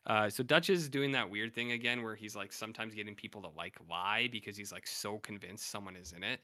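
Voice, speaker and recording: A man's voice: fairly low pitch, fairly quick, pushed and bright. A man co-hosting a podcast, casually recapping a TV episode in a rambling way with lots of fillers and loose paraphrased quotes. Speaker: podcast co-host.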